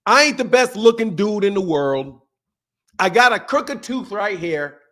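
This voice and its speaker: This is ranting commentary from a middle-aged boxing-show host who ridicules his detractors and curses nonstop. He takes his time, though his rather high voice swings wildly in pitch, going from shouted bursts to mumbled side remarks.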